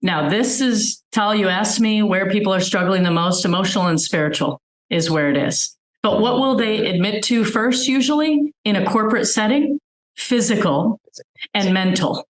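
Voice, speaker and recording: A woman's voice: medium pitch, normal speed, echoey room, rough recording. A woman physician giving a webinar talk, earnestly explaining with everyday examples over a video call. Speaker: physician guest speaker.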